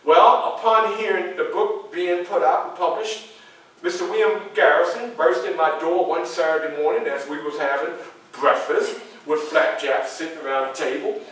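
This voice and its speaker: A man performing a first-person historical story, addressing a live audience as a lively storyteller. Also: fairly high pitch, normal speed. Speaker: historical reenactor. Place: public library event room. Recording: echoey room from far off.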